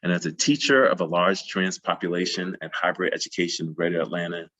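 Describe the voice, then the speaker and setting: A man's voice: low voice, level tone, quick pace, bright, forceful tone. A man giving a plenary talk at a math conference, passionate and emphatic, repeating phrases for emphasis. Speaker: plenary speaker.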